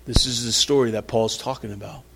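A man's voice: fairly even intonation, brisk, gravelly, bright, forceful tone, breathy edge. A man preaching a conversational sermon, reading scripture aloud and acting out the people in the story. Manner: conversational preaching, acts out quotes, rises in pitch when emphatic. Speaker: pastor.

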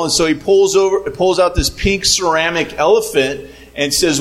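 Man telling jokes to a crowd, slightly high-pitched, halting delivery with repeats. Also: a bit bright, rough recording. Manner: halting, repeats words, plays up punchlines. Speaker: speaker telling jokes to a group. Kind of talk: casual joke-telling.

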